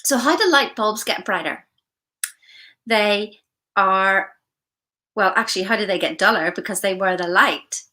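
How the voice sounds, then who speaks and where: A woman's voice: medium pitch, measured pace, pauses often, pushed and bright. A woman coaching her viewers in an enthusiastic, effusive motivational vlog, talking outdoors into her phone. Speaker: life coach. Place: outdoors in the morning.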